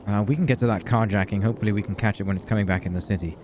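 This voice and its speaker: A man's voice: lowish voice, very fast, darkish tone, a little hiss or hum. Blunt London man with dry wit. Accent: London English. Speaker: roleplaying police officer. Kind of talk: in-character roleplay chat.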